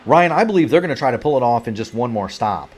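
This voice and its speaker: A man's voice: mid-range voice, lively intonation, fast talker, a little hiss or hum. A man calls a sim racing broadcast play-by-play with the hiccups. He rambles and corrects himself mid-sentence, his voice sitting in a middle register. He keeps apologizing and pushing on with the call. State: has the hiccups. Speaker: play-by-play commentator.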